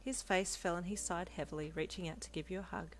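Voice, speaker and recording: A woman narrating a second-person fanfiction romance, steady and gentle. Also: fairly low pitch, quick pace, a little hiss or hum.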